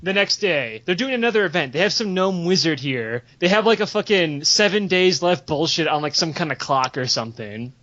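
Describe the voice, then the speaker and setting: Profane, high-voiced young storyteller man. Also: fairly quick, hardly any pauses. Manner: animated, profane, laughing while telling, acts out quoted voices. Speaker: podcast co-host telling stories. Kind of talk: casual storytelling chat. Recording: dull lo-fi podcast audio.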